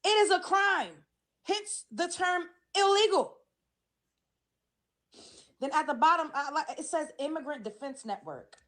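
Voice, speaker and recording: A woman's voice: sits high, lively intonation, a little slow, long pauses, fairly bright tone. A woman giving emphatic, indignant commentary with rising emotion. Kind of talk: impassioned commentary clip.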